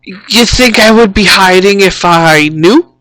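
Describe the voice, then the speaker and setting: A woman's voice: medium pitch, slow pace, a bit bright, no room sound, poor audio. A woman voicing a nervous, frightened man in hiding, who talks in a panicked, pleading whimper. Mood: scared, pleading.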